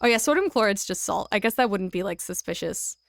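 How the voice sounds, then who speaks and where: A woman's voice: mid-range voice, animated, fairly quick, gravelly. A young woman live-streaming a video game, chatting casually and giggling as she thanks her followers and reads game lines aloud. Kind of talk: casual live-stream chat over gameplay.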